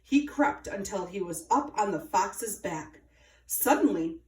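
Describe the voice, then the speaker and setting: A woman reading a children's story aloud with an expressive, sing-song delivery. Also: medium pitch, slow, far from the mic. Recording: roomy, from afar.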